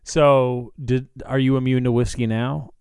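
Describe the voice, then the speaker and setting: A man co-hosting a comedy podcast, trading dry quick jokes and laughing often. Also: medium pitch, flat delivery, a little mellow, clean tone, no room sound. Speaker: podcast co-host. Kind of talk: casual comedic banter. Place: Washington DC area.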